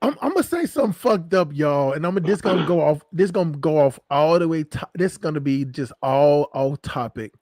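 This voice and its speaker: A man with a high voice hosts a loose, crude chat on a stream, laughing often as he jokes. His voice is recorded dry and close, with no room sound. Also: lively intonation, a little fast, few pauses, darkish tone, dry recording. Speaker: stream host. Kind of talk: casual chat.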